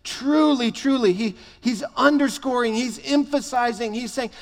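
A man with a notably high voice delivers a sermon from the pulpit. He stresses key phrases by saying them twice. His words ring out with a long reverb from a large hall. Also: moderate pace. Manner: emphatic, repeats phrases for stress. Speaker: pastor.

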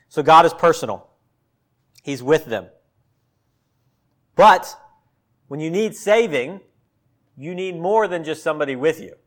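A man's voice: fairly high pitch, animated, a little slow, long pauses, fairly bright tone. Man preaching a conversational sermon. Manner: conversational preaching, dramatizes quotes with sarcasm. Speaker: pastor.

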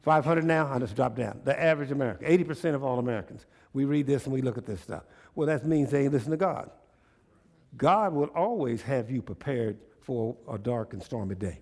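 A man's voice: mid-range voice, lively intonation, a little fast, vocal fry, darkish tone. A man preaching a sermon as pastor in front of his church congregation, folksy and conversational, often asking the listeners rhetorical questions.

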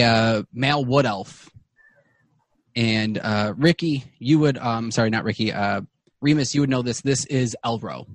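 Man game master, mid-pitched, halting delivery, dry close mic. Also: no room sound. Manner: halting, many fillers and restarts. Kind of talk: narrating a tabletop game.

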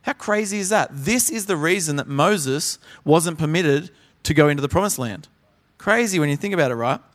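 A young man delivers a conference sermon, his voice pitched high and full of energy. He slips into other people's voices as he tells his stories. The sound carries a long reverb from a large hall. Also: moderate pace. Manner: animated storyteller, acts out voices. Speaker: pastor.

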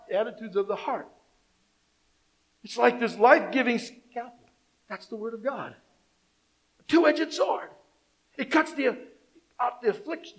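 Very high-voiced male preacher. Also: rough recording. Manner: preaching, swings between loud emphasis and soft, low delivery; reads scripture aloud, calls on the congregation to respond. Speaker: pastor. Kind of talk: sermon.

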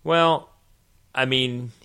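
A man's voice: medium pitch, fairly even intonation, extremely slow, bright, forceful tone, clear, resonant tone. A man co-hosting a podcast, hesitant with frequent ums and dry remarks while discussing an old cartoon. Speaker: podcast co-host. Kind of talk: casual chat reviewing a cartoon.

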